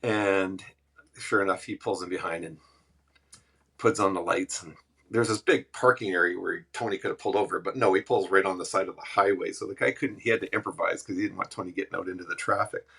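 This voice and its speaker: A man with a low, gravelly voice tells stories from the road in a casual, animated way. His tone is bright and a bit husky. He breaks into acted-out voices and laughs as he goes. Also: brisk. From Western Canada. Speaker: musician guest. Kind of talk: casual storytelling.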